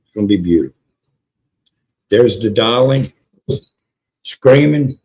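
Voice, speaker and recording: A man hosting a casual livestream, excitable and profane, greeting chatters by name and repeating words for emphasis. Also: lowish voice, slow pace, pauses often, rough recording. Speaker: livestream host. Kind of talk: casual live-stream chat with viewers.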